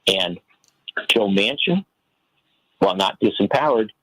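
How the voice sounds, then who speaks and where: A man's voice: on the low side, lively intonation, unhurried, fairly bright tone, slightly rough, no echo, rough recording. A man giving earnest, impassioned political commentary as a guest on a talk radio show, telling a story to make his point. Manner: earnest, impassioned, tells stories.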